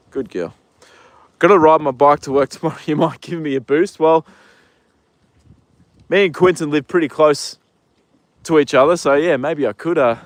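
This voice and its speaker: A young man telling stories outdoors on a casual live stream, rambling and relaxed, with lots of fillers and the odd swear word. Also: on the high side. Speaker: live streamer working in horse racing. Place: outdoors with horses in the wind. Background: faint wind noise.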